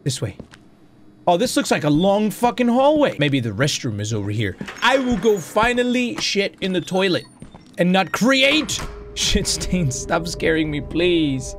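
High, lively young man gaming. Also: unhurried, faint music behind. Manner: excitable, profane, mutters to himself and yells at the game. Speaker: gaming video host. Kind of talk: live horror game commentary.

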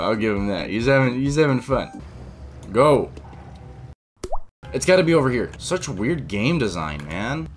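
A young man giving casual gameplay commentary, excitable, exclaiming and groaning a lot. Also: mid-range voice. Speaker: gamer. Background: game music.

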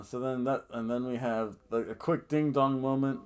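A man talks through a wrestling show in a loose, rambling podcast chat. He gets animated and jokey, laughing at his own asides and booing in mock outrage. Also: mid-range voice, normal speed, few pauses, clear, resonant tone. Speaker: podcast host. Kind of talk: casual wrestling review chat.

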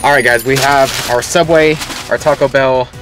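A man's voice: medium pitch, fairly even intonation, moderate pace, loud music behind the voice. Chatty young man vlogging to camera. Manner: chatty and upbeat, addresses viewers as folks. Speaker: food vlogger. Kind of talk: casual vlog talk to camera.

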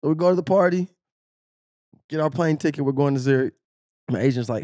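A man on a podcast spins a story with lots of laughter and acts out the other voices along the way. He has a middle-pitched voice, recorded close and dry with no room sound. He talks in a relaxed, chatty way. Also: normal speed, pauses often, no room sound. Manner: animated storyteller, laughing, acting out quotes. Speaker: podcast co-host, former sprinter. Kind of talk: casual storytelling chat.

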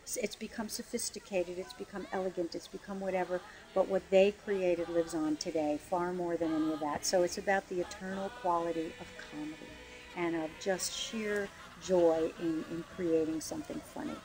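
A woman lyricist describing her musical in a relaxed interview, chatty and quick to laugh, with a few ums as she searches for words. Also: on the low side, over music, low-quality recording. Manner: chatty, laughs easily, fills pauses with um. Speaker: lyricist and book writer. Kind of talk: casual interview explanation.

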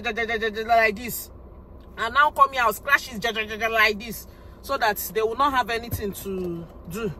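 A Nigerian woman chatting casually to her camera as a family vlogger, talking in a chatty way and growing loud and high when she rants. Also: slight background noise, poor audio. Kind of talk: casual vlog chat.

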